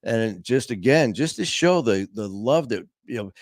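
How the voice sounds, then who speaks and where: A man's voice: lowish voice, animated, moderate pace, no echo, studio quality. A man hosting a podcast and telling a story casually, rambling with many "you know"s and acting out the quoted dialogue. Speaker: podcast host.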